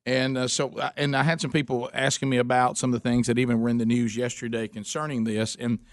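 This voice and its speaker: A man's voice: medium pitch, little pitch movement, fast, no echo, clean studio sound. A man hosting a talk radio show, speaking earnestly with many restarts. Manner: earnest, rambling. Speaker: radio host. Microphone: studio mic.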